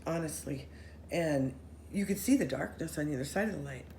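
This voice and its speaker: A woman telling a story in casual chat with friends, animated, running her sentences together and acting out what people said. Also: low-pitched, a little fast. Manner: animated, acts out quoted voices, run-on sentences. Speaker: storyteller recounting a paranormal experience. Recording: roomy echo with faint noise.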